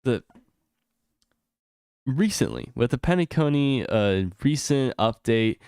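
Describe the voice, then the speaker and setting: A man streaming an unscripted rant about a video game, exasperated and swearing often, his voice climbing high whenever he gets heated. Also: clean tone, no echo, clean studio sound. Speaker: gaming streamer. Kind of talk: unscripted ranting stream commentary.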